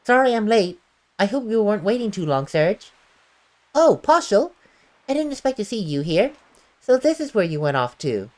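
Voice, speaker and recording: A woman voicing a gentle, wistful teenage girl in a video game, reading in a soft, reflective way. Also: mid-range voice, sing-song, normal speed, lightly acted. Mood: sweet. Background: faint game music.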